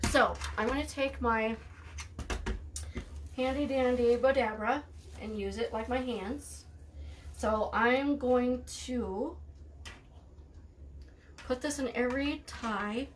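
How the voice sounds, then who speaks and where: A woman's voice: fairly high pitch, slow pace, long pauses, slight background noise. A woman hosting a live craft tutorial, chatting casually while she works, thanking viewers by name and laughing easily with dry sarcasm. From United States.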